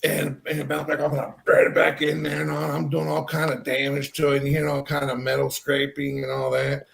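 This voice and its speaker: Rambling, gravelly-voiced man from Texas. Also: fairly high pitch, brisk. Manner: rambling, animated, many fillers. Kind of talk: casual storytelling.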